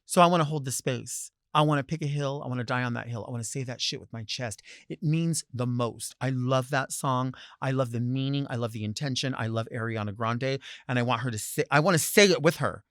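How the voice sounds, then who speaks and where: A man hosting a talk show, delivering a sassy, theatrical solo monologue with loud bursts and low asides. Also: a little fast, few pauses, no room sound, studio quality. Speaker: host.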